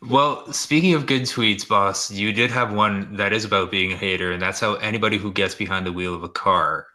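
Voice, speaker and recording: A man's voice: lowish voice, fairly even intonation, fairly quick, background noise. A man hosting a podcast, prompting his guest with questions in a casual chat. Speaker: podcast host.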